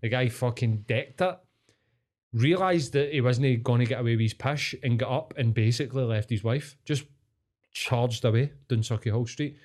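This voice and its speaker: A Scottish man, a podcast co-host, telling a story in casual chat, swearing freely and getting animated. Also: medium pitch, normal speed.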